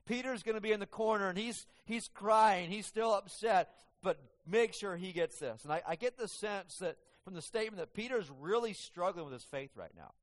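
A man with a slightly high voice preaches a sermon. He drops to a hush, then rises to emphatic peaks. The long reverb of a large hall trails each line. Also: expressive, normal speed. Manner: dramatic, swings from hushed to emphatic, acts out quoted voices. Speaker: pastor.

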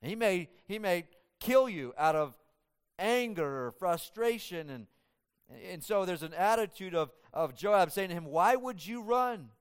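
A man preaching through a scripture passage in a slightly higher voice with a smooth, resonant tone. He is animated and acts out the characters' dialogue in shifting voices as he teaches. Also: a little slow. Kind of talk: expository sermon.

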